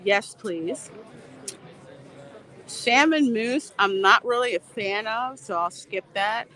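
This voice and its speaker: A woman's voice: on the high side, slow, bright, forceful tone. A woman livestreaming outdoors from a theme park on a handheld phone, chatting casually, laughing often and reading viewer comments aloud. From Louisiana.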